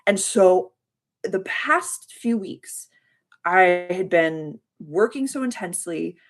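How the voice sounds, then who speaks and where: A woman chats casually on a livestream, her voice sitting a little low. She tells a long story in a heartfelt, rambling way, often stopping to thank her viewers. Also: lively intonation, takes it slowly. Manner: addresses viewers by name and thanks them warmly. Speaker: spiritual coach hosting a live members' call.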